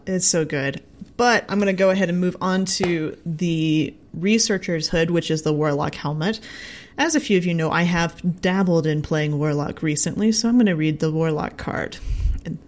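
A woman hosting a casual podcast chat about game lore, chatty and laughing easily. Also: fairly low pitch. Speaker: podcast host.

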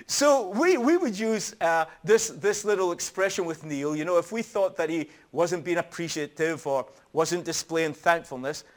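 A middle-aged male preacher with a notably high voice delivers a sermon. He tells stories earnestly and leans hard on his key points. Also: animated, moderate pace, few pauses. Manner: earnest storytelling, emphatic.

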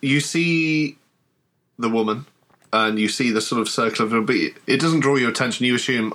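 A man narrating as game master of a tabletop horror game, slow and halting in his descriptions. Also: fairly low pitch, a bit bright. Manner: halting, with many restarts and slow descriptive passages.

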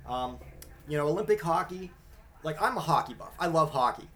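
A man with a slightly higher-than-usual voice rambles through a loose comedic podcast rant. His talk is full of casual profanity, which he uses like punctuation. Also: lively intonation, brisk, fairly bright tone, slight background noise. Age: adult father. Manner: profane, rambling, swears constantly. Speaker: podcast host.

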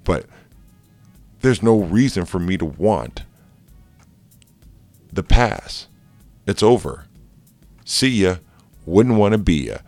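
A man's voice: sits low, slow, long pauses, no room sound, soft background music. A married man, a life coach, giving a casual, jokey motivational talk with many fillers. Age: adult, married with kids. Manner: energetic and jokey, loose with fillers.

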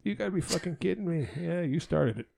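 A man's voice: fairly high pitch, lively intonation, fast talker, creaky, warm tone. A man co-hosting a casual podcast, telling a long crude joke with many stumbles and fillers. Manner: rambling, crude, stumbles over setups. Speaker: podcast co-host.

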